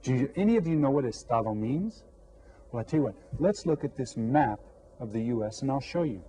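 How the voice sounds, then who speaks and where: A man teaching a lesson to young pupils, repeating words slowly and clearly. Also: medium pitch, expressive, mellow, a little hiss or hum, poor audio. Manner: slow, drawn-out repetition of words. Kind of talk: classroom lesson to children.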